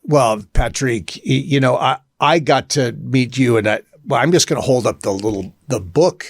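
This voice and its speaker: A man's voice: medium pitch, normal speed, no echo, clean studio sound. A man co-hosting a podcast, chatting casually with a guest and often restarting his sentences. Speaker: podcast co-host. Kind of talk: casual interview chat.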